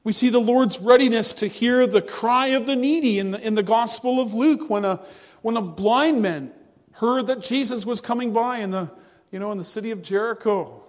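High-voiced preacher in a reverberant hall. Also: male voice. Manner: earnest, measured preaching with slow, drawn-out emphasis. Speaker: pastor. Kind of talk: sermon.

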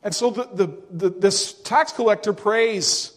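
A male pastor preaching a sermon to his congregation, earnest and emphatic, with hushed drops. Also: sits high, moderate pace, few pauses, long reverb tail. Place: church.

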